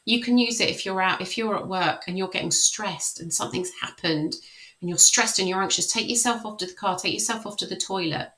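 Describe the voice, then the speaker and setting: A woman life coach leading a guided tapping session. She speaks slow, repeated affirmations, then explains the method in a friendly way. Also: mid-range voice, pushed and bright, low-quality recording.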